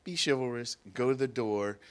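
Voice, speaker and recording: A man's voice: mid-range voice, moderate pace, clear, resonant tone. Joking man in playful banter. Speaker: talk show co-host. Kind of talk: casual chat.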